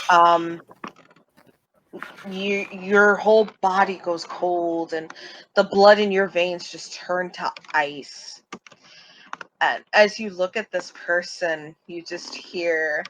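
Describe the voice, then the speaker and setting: A woman's voice: lowish voice, a bit bright, a little hiss or hum, poor audio. A woman running a tabletop role-playing game as game master, narrating scenes in vivid detail with the odd filler.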